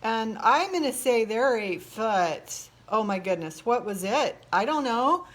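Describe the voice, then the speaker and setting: Her voice is fairly high, expressive, unhurried and fairly bright as she chats to her handheld phone camera inside her house under renovation. The middle-aged realtor is remodeling her own home and sounds exhausted, rambling along with frequent laughs and exasperated asides.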